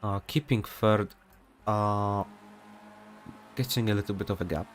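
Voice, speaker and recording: A young man calls an online sim race in a loose, chatty, rambling way, full of fillers and side remarks. His voice sits on the lower side. A faint hum runs underneath. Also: measured pace. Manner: casual, rambling, many fillers and asides. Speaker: sim racing commentator. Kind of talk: live race commentary.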